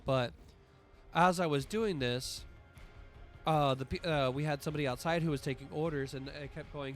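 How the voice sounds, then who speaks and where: A man's voice: mid-range voice, moderate pace. Male streamer, casual and profane storyteller, voice slightly strained, faint music under the chat. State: voice strained from allergies.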